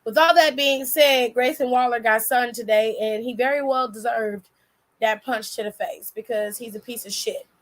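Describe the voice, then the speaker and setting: A woman's voice: fairly high pitch, fairly even intonation, moderate pace. A woman giving blunt, sassy and profane casual commentary as a vlog host. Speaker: wrestling commentary vlogger.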